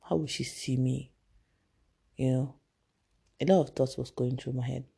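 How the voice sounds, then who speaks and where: A young woman, telling a personal story in a halting, emotional way with many restarts. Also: rumbling low, fairly even intonation, gravelly, dark tone, slightly rough. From Nigeria. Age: young adult.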